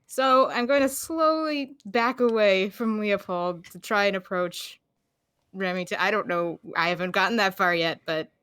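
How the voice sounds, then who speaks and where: A woman playing a wary adventurer with a staff in a tabletop game, talking slowly with laughing asides. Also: medium pitch, a bit bright, clear, resonant tone, no echo, voice pushed down, close to an everyday voice. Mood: cautious. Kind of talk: tabletop role-play in character.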